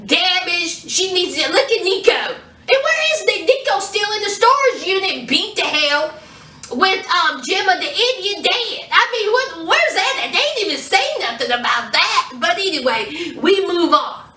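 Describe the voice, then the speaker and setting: A woman recapping a TV episode in a casual, animated way, acting out the characters' lines. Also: very high voice, normal speed, echoey room, distant mic. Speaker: TV show reviewer.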